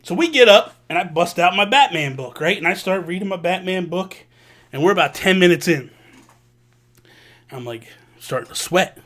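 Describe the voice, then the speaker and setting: A man hosting a vlog, telling a personal story in an animated, casual way with slang. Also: sits high, normal speed. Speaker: vlog host. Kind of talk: storytelling to camera.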